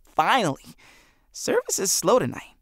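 Man doing a sweet friendly teen girl, pitched up, lively. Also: a little slow, dry recording, clean studio sound, full character voice. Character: friendly, kind teenage girl. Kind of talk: audiobook character voice.

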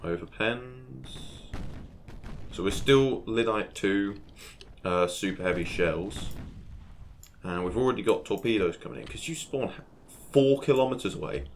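A man giving casual gameplay commentary, chatting to himself as he plays and breaking into excited exclamations. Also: on the low side, measured pace, gravelly, long pauses, slight background noise. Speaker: gaming channel host.

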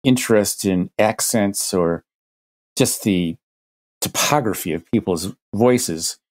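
Male podcast guest, lowish voice, explanatory, halting restarts as he reasons. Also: a little mellow. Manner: thinks aloud with many restarts and hypothetical examples. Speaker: guest expert.

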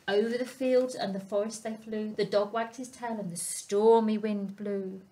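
A woman storyteller reading a picture book aloud to young children, expressive and asking them questions. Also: mid-range voice, normal speed. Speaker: family centre storyteller.

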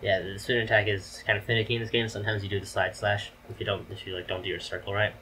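A man's voice: fairly low pitch, little pitch movement, fast, bright, forceful tone, slight background noise, rough recording. A man casually commenting on a video game as he plays, joking and sarcastic. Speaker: let's play commentator.

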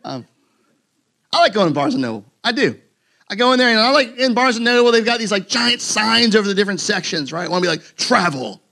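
A man's voice: sits high, animated, fast talker, gravelly, sharp tone. A man preaching a sermon to his congregation in a casual, joking, conversational way, with many fillers and restarts. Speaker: pastor. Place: church sanctuary with a congregation.

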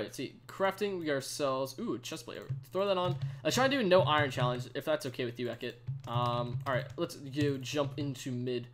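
A man's voice: mid-range voice, fairly bright tone, a little hiss or hum. A young man giving chatty live commentary on a game he is playing, greeting viewers and using lots of fillers. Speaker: streamer. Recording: faint keyboard typing behind.

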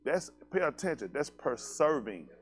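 Joking pastor. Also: male voice, a little high, very animated, normal speed, breathy edge, faint music behind. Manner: loose, joking, talks straight to the congregation. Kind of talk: casual sermon talk.

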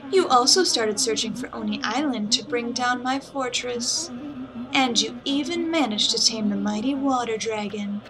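A woman's voice: a little high, normal speed, close to an everyday voice, low-quality recording. A woman voicing a sly, gloating evil fox spirit in a video game. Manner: gloating, scheming. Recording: game music behind voice.

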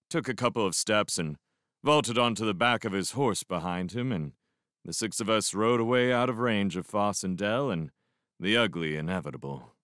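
A man with a fairly low voice reads a novel aloud in the first person, his pitch rising and falling widely as he acts it out. He lets reflective pauses sit, and the close mic in a dry room keeps him near. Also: clear, resonant tone, dry recording. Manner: expressive reading with reflective pauses. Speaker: fan audiobook reader. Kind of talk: first-person audiobook narration.

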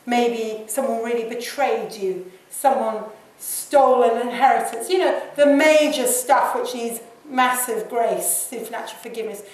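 A woman preaching to a church, talking conversationally and softly acting out short prayers. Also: a little high, normal speed. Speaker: guest speaker. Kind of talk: sermon. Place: church hall. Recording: echoey hall from far off.

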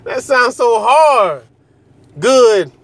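High-voiced joking man with drawl. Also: sing-song, very slow. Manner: loose, joking, repeats phrases, laughs often, swears. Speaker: vlogger. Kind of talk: casual direct-to-camera monologue.

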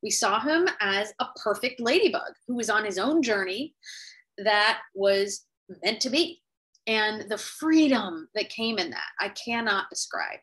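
A woman speaking as an author, telling a heartfelt personal story to camera over a video call, earnest and unhurried with thoughtful pauses. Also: mid-range voice, animated, fairly bright tone, low-quality recording. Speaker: author sharing her story.

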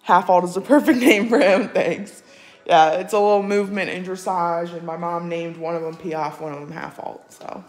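Chatty woman with a low voice. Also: normal speed, darkish tone, soft background music. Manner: chatty, reads viewer comments aloud and talks to her cat. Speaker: livestream vlogger. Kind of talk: casual live-chat vlog. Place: at home indoors.

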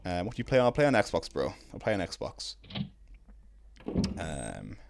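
A young Irish man streaming a video game, chatting casually with his viewers between drawn-out ums. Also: sits low, wildly swooping pitch, creaky, slight background noise. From Ireland. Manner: laid-back, drawn-out ums, greets chat. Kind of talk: casual live-stream chat while gaming.

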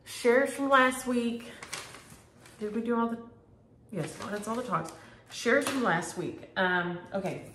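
A middle-aged woman, chatting homey and warmly to her viewers about stitching and mail. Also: fairly high pitch, takes it slowly, a little hiss or hum. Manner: homey, chatty, uses y'all. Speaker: flosstube host. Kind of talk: casual chat to camera. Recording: echoey room.

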